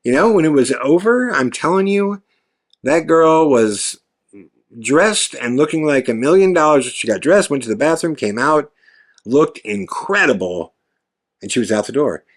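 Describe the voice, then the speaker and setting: A man hosting a podcast, telling a story in an animated, profane way and acting out quoted lines. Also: fairly high pitch, moderate pace. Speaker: podcast host. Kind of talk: storytelling monologue.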